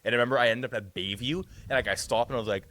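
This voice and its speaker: A young man co-hosting a podcast, rambling through a profane, animated story in casual chat. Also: medium pitch, rapid-fire. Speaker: podcast co-host.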